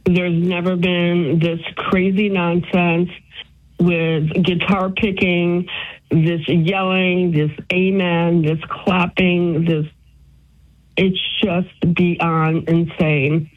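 A woman's voice: fairly low pitch, level tone, extremely slow. A woman calling into a radio show, speaking earnestly and sounding weary and aggrieved. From United States, of Italian descent. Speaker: caller. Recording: phone line.

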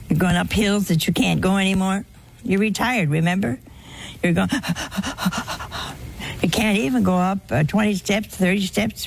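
A woman's voice: medium pitch, gravelly, a little hiss or hum. A woman preaching a sermon to a live audience in a folksy, humorous way, acting out bits of dialogue.

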